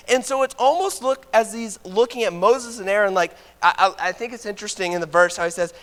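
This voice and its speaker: Male preacher, high voice, casual sermon with jokey asides, long church reverb. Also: fairly quick, hardly any pauses, a bit bright, clean tone. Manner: informal, joking asides. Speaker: preacher teaching a Bible class. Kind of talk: conversational sermon. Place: church auditorium.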